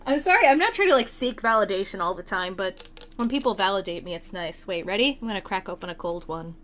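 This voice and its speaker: A woman's voice: mid-range voice, lively intonation, fast talker, fairly bright tone, slight background noise. Chatty, playful woman streamer. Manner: chatty, self-deprecating, playful. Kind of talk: casual late-night game stream chat.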